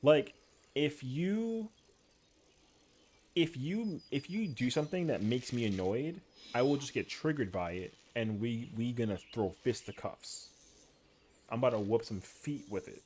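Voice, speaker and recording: A man's voice: medium pitch, lively intonation, measured pace, darkish tone, a little hiss or hum. A man streaming a game, talking in casual chat with heated, profane slang peppered with "yo". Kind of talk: casual chat while gaming.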